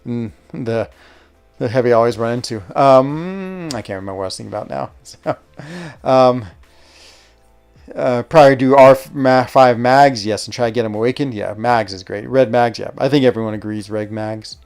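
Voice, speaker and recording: A man with a smooth, resonant voice of middling pitch, streaming a game and chatting along the way. He thinks aloud and reacts quickly to each move, then trails off mid-sentence. Soft music plays faintly behind him. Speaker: streamer and show host. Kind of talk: casual live gameplay commentary.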